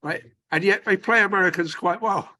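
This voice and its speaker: A man with a working-class North London accent talks loosely in a book club chat, restarting sentences as he hunts for the right word. His voice sits a little high for a man. The sound is dry, with no room echo. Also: brisk, pushed and bright. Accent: working-class North London English. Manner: rambling, searches for words with many restarts. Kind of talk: casual group discussion.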